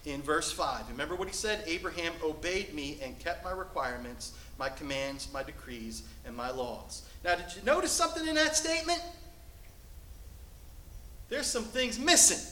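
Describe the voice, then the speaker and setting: A male pastor preaching a sermon from the pulpit, shifting between loud, emphatic lines and hushed, soft passages. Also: fairly high pitch, lively intonation, moderate pace, echoey room, a little hiss or hum, poor audio. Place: church sanctuary.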